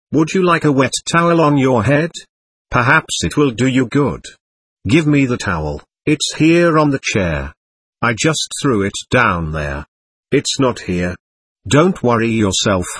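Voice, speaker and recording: A man voicing a gentle, anxious young man who speaks in a soothing, worried way, with a husky voice. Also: mid-range voice, sing-song, a little slow, dry recording, full character voice.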